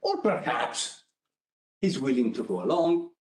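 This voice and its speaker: A man with an Italian accent giving an academic lecture, conversational and animated, often checking in with the audience. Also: medium pitch, a little slow, roomy sound. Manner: animated, conversational, frequent "right?" asides.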